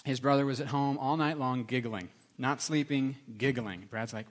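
A middle-aged man preaching a sermon, telling stories with lively, animated delivery and acting out other people's voices. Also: a little fast. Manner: animated storytelling, acts out voices with big pitch jumps. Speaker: pastor.

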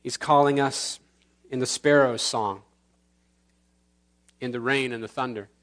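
A man preaching from the pulpit in an earnest, medium-pitched voice. He slows down on key words and lets his voice drop into quiet pauses. He leads the congregation in prayer at the close. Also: fairly even intonation. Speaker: pastor. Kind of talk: sermon. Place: church sanctuary.

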